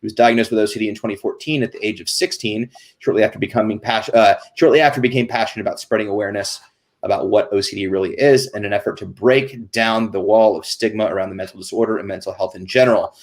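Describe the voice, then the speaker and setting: A man hosting a casual live stream, chatty and greeting viewers, often stumbling and restarting his words. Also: fairly low pitch. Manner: reads off viewer names and disclaimers quickly. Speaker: host.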